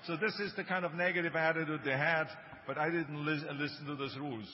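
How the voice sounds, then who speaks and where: A man's voice: fairly high pitch, steady tone, fast. A man in his sixties with a German accent, giving a motivational speech with emphatic storytelling and joking asides. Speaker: speaker. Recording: dull, reverberant hall recording with faint noise.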